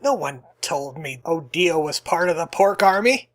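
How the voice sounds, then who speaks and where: A man's voice: a little high, animated, unhurried. A man giving playful, joking commentary as he plays through a game, now and then voicing lines in character. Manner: joking, hums along and voices game lines. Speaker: let's play host. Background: faint game music.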